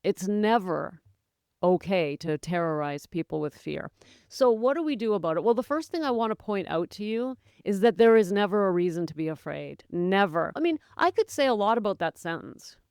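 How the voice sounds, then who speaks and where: A woman in her forties from North America hosting a podcast, talking in a chatty, animated way to her listeners and laughing often. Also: mid-range voice, moderate pace, smooth, no room sound, clean studio sound. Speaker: podcast host. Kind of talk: casual monologue to listeners.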